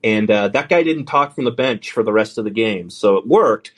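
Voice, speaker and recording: A man's voice: fairly low pitch, expressive, normal speed. A middle-aged man hosting a call-in show, talking loosely and profanely and often breaking off his own sentences. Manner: loose, profane, self-interrupting. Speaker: podcast host. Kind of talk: casual call-in chat.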